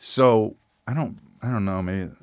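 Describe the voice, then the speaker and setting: A man hosting a podcast, telling a rambling, swearing story in casual chat with animated impressions. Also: on the low side, a little slow, smooth, no room sound, clean studio sound. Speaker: podcast host.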